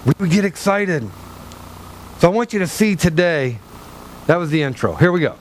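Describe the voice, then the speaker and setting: A male pastor preaching a sermon from a low stage in a church, animated and joking with the congregation. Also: normal speed, a little hiss or hum. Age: older than 37. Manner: animated, humorous, talks straight to the congregation.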